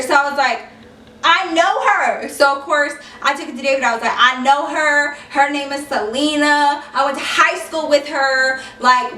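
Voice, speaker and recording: A woman's voice: fairly high pitch, fairly bright tone, a little hiss or hum. A young woman telling a casual storytime vlog, chatty and frank, swearing freely. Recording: echoey room, mic a little far off.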